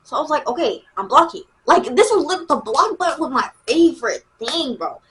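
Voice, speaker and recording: A woman with a fairly high voice rambles through a casual storytime straight into her camera. Her talk is loose and slangy, full of "like" and "bro." She slips into animated retellings of what was said. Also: a little fast, slight background noise. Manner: animated retelling with exaggerated quotes. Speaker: vlogger.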